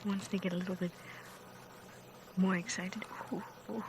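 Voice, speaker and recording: A woman guiding a live game drive from a vehicle outdoors, speaking softly and often in excited whispers about animals. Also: lowish voice, normal speed, pauses often, background noise. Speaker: safari guide. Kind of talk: hushed live wildlife commentary. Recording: outdoor live stream with wildlife ambience.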